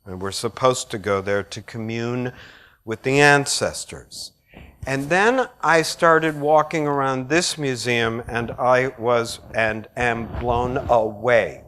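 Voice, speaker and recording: A man's voice: mid-range voice, fairly bright tone. A middle-aged man with a Midwestern American accent, lecturing to an audience in a blunt, joking way full of asides. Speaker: art critic giving a lecture. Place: lecture hall.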